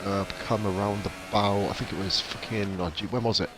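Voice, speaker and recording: A man's voice: fairly low pitch, steady tone, a little fast, background noise. A man streaming a racing game, chatting with viewers in profane, jokey banter. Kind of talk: casual live-stream commentary.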